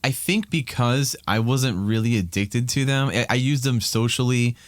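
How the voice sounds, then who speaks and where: A man's voice: mid-range voice, moderate pace, no room sound. A man in his thirties from Ohio, a podcast guest talking candidly and rambling with many restarts in casual chat.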